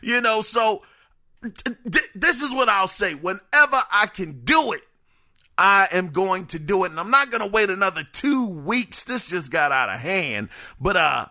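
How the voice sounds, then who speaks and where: A man hosting a casual solo podcast, reading listener emails in an animated, joking way that trips over words. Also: high voice, unhurried. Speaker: podcast host.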